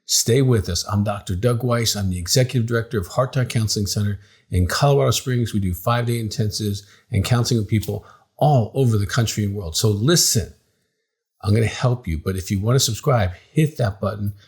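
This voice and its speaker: A middle-aged man, a psychologist and counseling director, giving direct-to-camera advice in an emphatic, animated storytelling way that acts out the dialogue. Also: lowish voice, brisk, breathy edge.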